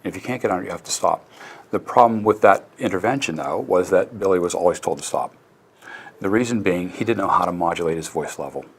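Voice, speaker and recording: A man's voice: deep voice, fast talker, slightly rough. A man speaking as a guest expert in an interview, explaining ideas in a conversational way and acting out classroom exchanges as examples. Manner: animated storyteller, acts out classroom dialogue. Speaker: guest expert on self-regulation.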